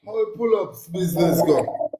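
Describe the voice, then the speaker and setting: A man's voice: high-pitched, animated, unhurried, over a noisy crowd. Echoey Jamaican man asking questions. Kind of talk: casual questioning. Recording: echoey room with faint noise.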